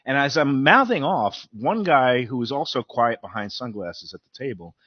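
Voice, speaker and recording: A man with a Brooklyn accent hosting a show, telling stories in a casual, animated, mouthy way. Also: medium pitch, normal speed, dry recording. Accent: Brooklyn New York. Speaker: host. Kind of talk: casual chat. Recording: dull lo-fi sound, dry.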